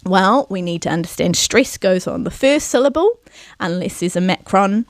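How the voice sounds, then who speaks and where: Woman enunciating vowels slowly. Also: medium pitch, lively intonation, dry recording. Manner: slow, careful enunciation of vowel sounds; encouraging, asks "yeah?" to check in. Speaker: Māori language presenter. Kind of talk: televised pronunciation lesson.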